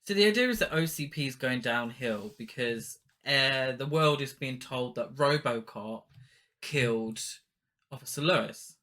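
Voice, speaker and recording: A man's voice: medium pitch, expressive, a little slow, sharp tone. A man co-hosting a podcast, casually recapping a film's plot with dry jokes and the odd swear word. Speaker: podcast co-host. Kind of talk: casual film review chat.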